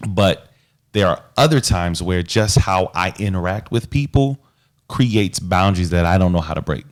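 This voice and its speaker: Here a man co-hosts a podcast about relationships, his low-pitched voice moving at normal speed. He's earnest and reflective, though his wording stays casual and full of slang.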